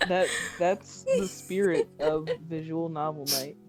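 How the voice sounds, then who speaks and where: A woman chatting on a group stream, blunt and quick to swear in exasperated jokes. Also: low voice, faint music behind. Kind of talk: casual group chat on a stream.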